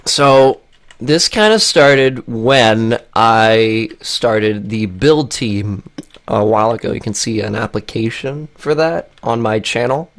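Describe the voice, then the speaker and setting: A man YouTuber with a raspy, cracking voice, rambling through a casual vlog while he plays a game, with lots of fillers and restarts. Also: medium pitch, takes it slowly. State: raspy, voice cracking after a long break.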